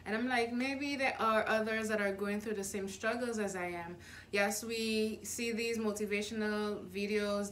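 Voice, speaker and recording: A woman's voice: mid-range voice, a bit bright. Earnest young woman vlogger, faint hum. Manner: earnest and encouraging, with frequent restarts. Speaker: YouTube vlogger. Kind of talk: casual motivational vlog.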